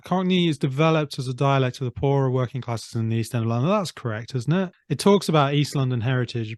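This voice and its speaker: A man's voice: mid-range voice, a little mellow, no room sound. A man hosting a casual podcast chat, reading aloud from an article and prompting with tag questions. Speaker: podcast host.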